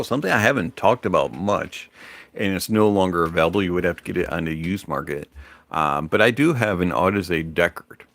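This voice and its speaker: A man hosting a livestream in a relaxed, rambling manner, pausing often on fillers. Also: low-pitched, vocal fry, no room sound. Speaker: livestream host. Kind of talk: casual livestream chat.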